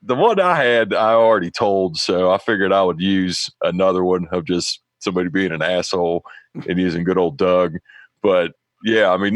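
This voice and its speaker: A man with a fairly low voice tells a story on a casual podcast, swearing freely and acting out what people said. The sound is dry and close, with no room around it. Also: no echo. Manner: animated storyteller, acts out quotes, swears freely.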